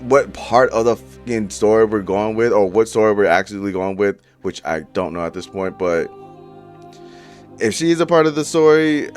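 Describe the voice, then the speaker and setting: A man's voice: low-pitched, clean tone. A young man giving casual, profane commentary straight to his viewers, full of slang. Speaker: YouTuber reviewing movie casting.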